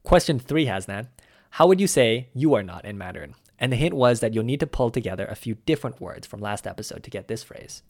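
A man co-hosts a scripted language-lesson podcast. He speaks at an ordinary male pitch and teaches in an upbeat, quiz-style manner, breaking words down step by step. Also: lively intonation, quick pace, a little mellow. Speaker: podcast co-host.

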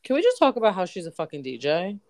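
A woman's voice: on the low side, huge pitch swings, quick pace, darkish tone. Blunt, chatty woman co-host. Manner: blunt, swears freely, many "like" fillers; speaks with a confident professional opinion. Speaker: podcast co-host. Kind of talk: casual chat.

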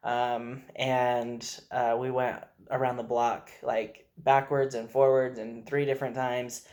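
A man's voice: mid-range voice, level tone, slow. Earnest man telling family stories. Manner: earnest, gentle storytelling. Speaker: father. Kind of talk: casual video message.

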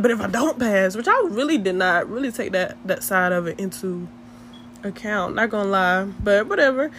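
A woman's voice: medium pitch, fairly quick, slight background noise. Young woman doing a storytime vlog, chatty and slangy, laughs a lot, talks to y'all. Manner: animated, slangy, addresses viewers as y'all, laughs often. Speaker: vlogger. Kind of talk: casual storytime chat.

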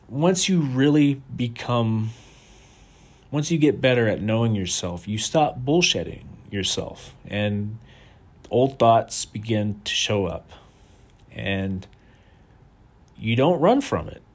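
A man's voice: mid-range voice, lively intonation, slow, pauses often. A man speaking in a candid personal monologue about his own experience. He is reflective and confessional, restarts his sentences often, and swears casually. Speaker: vlogger.

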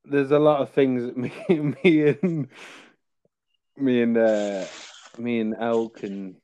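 A man's voice: mid-range voice, steady tone, takes it slowly, mellow, no echo. A man, a podcast guest, telling stories in casual chat with many fillers and restarts. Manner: rambling storytelling with many fillers.

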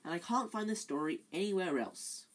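A reader voicing a studious, bossy teenage schoolgirl who speaks clearly and severely. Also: medium pitch, animated, moderate pace, voice pushed up, close to an everyday voice. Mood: insistent.

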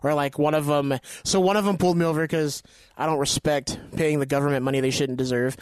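A young man talking fast and casually, chatting with friends on a podcast and acting out the people in his stories. His voice sits a little high, and the recording is dry and close. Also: steady tone, dry recording. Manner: swearing, acts out quoted voices. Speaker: podcast co-host. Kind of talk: casual chat, storytelling.

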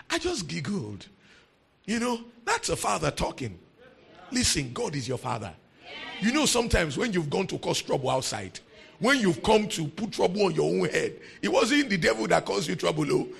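A pastor preaches with a very gravelly, husky voice and a wide, animated pitch range. He repeats his points emphatically, swinging from quiet talk to shouting. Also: moderate pace. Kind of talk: sermon.

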